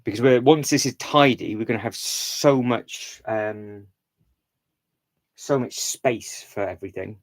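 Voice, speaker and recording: A man's voice: mid-range voice, unhurried, rough recording. A man hosting a casual livestream, thinking aloud while rearranging a build, rambling with restarts and fillers. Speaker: livestream host. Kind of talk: casual live-stream chat while building.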